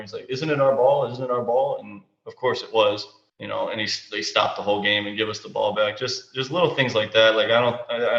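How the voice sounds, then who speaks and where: A man casually recalling a former teammate, relaxed and rambling. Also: fairly low pitch. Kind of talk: casual anecdote. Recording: echoey, dull recording.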